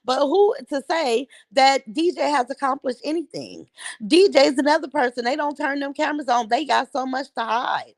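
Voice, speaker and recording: A woman's voice: high voice, normal speed, vocal fry, no echo. A middle-aged woman hosting a livestream, chatting casually with viewers and trash-talking bluntly. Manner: blunt, mocking trash talk. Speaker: livestream host. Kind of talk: casual chat reacting to live viewer comments.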